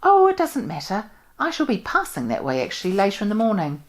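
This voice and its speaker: A woman's voice: mid-range voice, wildly swooping pitch, a little fast, pitched above the performer's own voice. A woman reading aloud and voicing a tired, troubled male doctor who speaks vaguely and hesitantly. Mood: weary.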